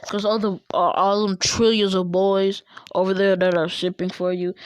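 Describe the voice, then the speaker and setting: A woman voicing a cold, blunt teenage boy ninja who makes dismissive threats in a low mutter, in a casual fan story. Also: close to an everyday voice.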